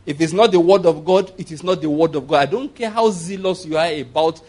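A man's voice: a little high, fairly quick, a little mellow. A man preaching a conversational sermon as pastor, rambling through asides and chuckling often.

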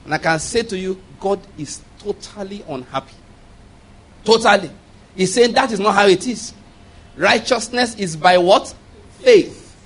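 A man's voice: high-pitched, unhurried, long pauses, fairly bright tone. A man preaching a sermon, firing rhetorical questions at the congregation and repeating key phrases for emphasis.

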